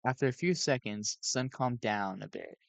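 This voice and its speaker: A man's voice: on the low side, normal speed, vocal fry, dry recording. A sleep-deprived man reading a fan story aloud on a cheap home mic, often stumbling and correcting himself. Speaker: fan reader. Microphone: cheap home microphone.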